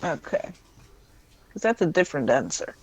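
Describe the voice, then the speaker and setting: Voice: mid-range voice, sing-song, normal speed, vocal fry, husky, no echo. A young adult guest chatting casually on a stream, playful and laughing often. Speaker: guest player.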